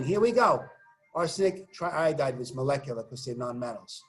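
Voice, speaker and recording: A man teaching chemistry in a recorded online lesson. He walks through the examples with joking asides and keeps urging students to say the formulas out loud. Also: medium pitch, animated, moderate pace, faint music behind. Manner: encouraging, coaching students to say formulas aloud.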